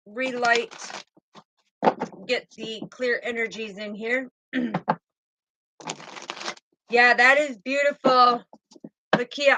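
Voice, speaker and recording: High bright-voiced woman tarot reader. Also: slight background noise, low-quality recording. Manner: soothing, calls viewers sweetheart and baby girl. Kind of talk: tarot reading for viewers.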